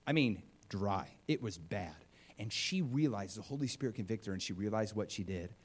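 A man preaching a sermon in an animated, conversational way, often acting out what people say. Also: lowish voice, normal speed, breathy edge. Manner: animated and conversational, acts out quotes.

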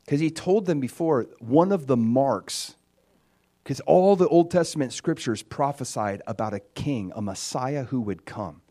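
A man teaching from scripture in a relaxed, talky manner at a middle pitch. He retells the story with lively emphasis, leaning on casual fillers like "like" and "you know." He speaks as a teacher walking listeners through a passage. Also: measured pace. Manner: conversational, animated retelling with filler words. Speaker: Bible teacher.

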